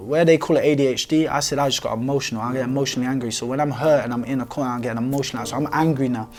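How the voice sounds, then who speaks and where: A man's voice: mid-range voice, steady tone, racing, darkish tone. A young man, candidly telling his own life story in loose street slang, with lots of swearing and fillers.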